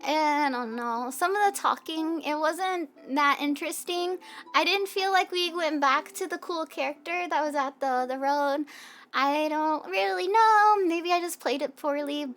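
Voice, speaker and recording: A woman's voice: high voice, unhurried, fairly bright tone. A young American woman with a Southern accent, rambling and giggling as she chats with viewers at the end of a stream. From United States. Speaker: VTuber streamer. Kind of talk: casual stream chat. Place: hot room at home. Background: faint background music.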